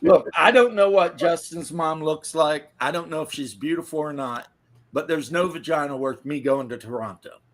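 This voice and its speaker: Male podcast host from the American South, slightly high voice, profane, rambling and joking. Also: moderate pace, a bit bright. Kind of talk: casual podcast chat.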